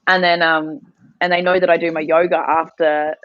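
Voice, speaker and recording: A woman's voice: low-pitched, level tone, moderate pace, no room sound, dull audio. A woman co-hosting a morning mindset session, telling a family story in a chatty, rambling way and laughing often. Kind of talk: casual chat, storytelling.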